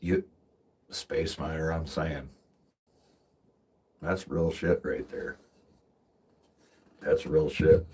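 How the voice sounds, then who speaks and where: A man with a very deep, heavily husky voice chats on a livestream from behind the wheel. He rambles in loose, profane stories, laughing often at his own jokes. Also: fairly even intonation, very slow, long pauses, darkish tone. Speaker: livestreamer and tree climber. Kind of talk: casual livestream chat. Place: in a vehicle while driving.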